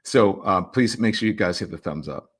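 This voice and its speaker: Hosting a livestream talk show, this somewhat low-voiced man reads out what viewers have commented. He speaks at a normal pace, animated and emphatic, tossing in teasing, playful asides.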